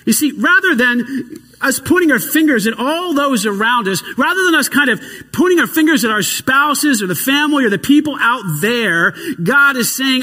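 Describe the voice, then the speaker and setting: A male pastor with a high, husky voice delivers an earnest sermon, slowing down to press home each scripture line. His voice carries the long reverb of a large hall. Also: lively intonation, pushed and bright. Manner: earnest preaching, slows and stresses scripture lines.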